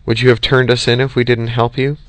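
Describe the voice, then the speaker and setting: A man's voice: medium pitch, little pitch movement, fairly quick, fairly bright tone, no echo, lightly acted. A man reading a wry young woman veteran.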